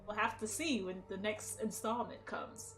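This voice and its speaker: A woman's voice: medium pitch, moderate pace, fairly bright tone, soft background music. A woman hosting a let's play, chatting playfully while she plays. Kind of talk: casual gameplay commentary.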